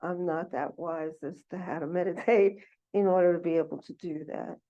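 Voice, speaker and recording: A woman's voice: on the low side, steady tone, normal speed. A woman in a class, asking hesitantly how to let go, often restarting as she searches for words. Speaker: class participant. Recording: dull lo-fi recording.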